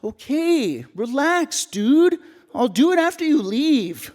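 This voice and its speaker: A man's voice: very high-pitched, sing-song, takes it slowly, a little mellow, long reverb tail, voice pushed up, exaggerated voice. A male stage performer voicing a bratty younger brother who whines back with questions. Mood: cheeky.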